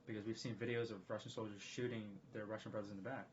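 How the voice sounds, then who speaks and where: Rapid, rambling man, lowish voice, dull lo-fi stream audio with faint hiss. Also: flat delivery. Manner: rapid, rambling, repeats himself, emphatic. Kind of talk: casual live-stream monologue.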